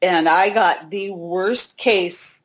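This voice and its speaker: A woman's voice: lowish voice, slow pace, low-quality recording. A woman in her forties, a hiker, telling a personal story in a candid, chatty way with self-deprecating humor. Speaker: interview guest, hiker.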